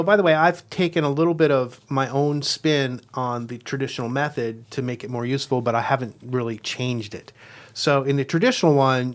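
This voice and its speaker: A man speaking as a guest, explaining a devotional method in an earnest, reflective way and slowing down to stress key words. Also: medium pitch. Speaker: guest teacher.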